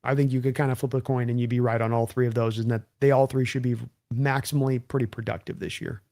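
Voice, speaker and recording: A man's voice: mid-range voice, fairly even intonation, quick pace, warm tone. A man hosting a live stream, talking casually and rambling through game commentary while reading viewer donations. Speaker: livestream host.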